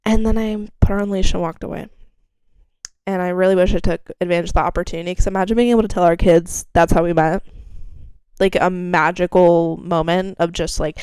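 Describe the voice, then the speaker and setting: A woman's voice: on the low side, fairly quick, clean tone, dry recording. Chatty young woman, dry close mic. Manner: rambling, animated storytelling with laughs and swearing. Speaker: podcast host. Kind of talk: casual solo chat.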